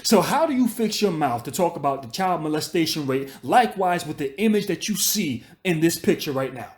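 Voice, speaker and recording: A man's voice: on the high side, animated, a little fast. A man hosting a commentary channel, delivering a profane, scolding rant that circles back on itself and repeats his points. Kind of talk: ranting commentary monologue.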